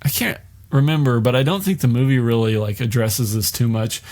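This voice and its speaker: Casual male podcast host recapping a series, mid-pitched, loose and profane. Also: lively intonation, a little fast, darkish tone. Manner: loose, swearing, filler-heavy.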